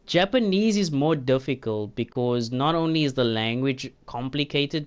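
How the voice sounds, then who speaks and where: A game streamer chatting casually, joking and stumbling while reading foreign words aloud. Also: medium pitch. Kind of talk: casual live-stream commentary.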